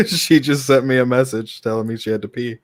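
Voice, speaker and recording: A man hosting a streamed podcast, chatting in a relaxed way and laughing often. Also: medium pitch, moderate pace, dry recording, clean studio sound. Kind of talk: casual chat.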